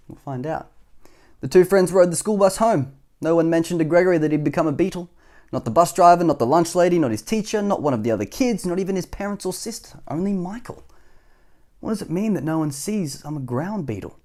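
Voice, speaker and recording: A man reading a children's picture book aloud, gently, with chuckling asides. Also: a little high, lively intonation, quick pace.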